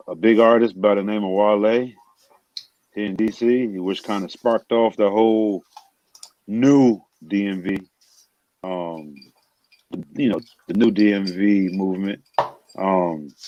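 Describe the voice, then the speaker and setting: A man in his forties from New York City, a DJ guest talking about himself in a relaxed, casual way, with lots of "you know" fillers. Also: lowish voice, no echo, lo-fi sound. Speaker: DJ, podcast guest. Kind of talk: casual interview chat.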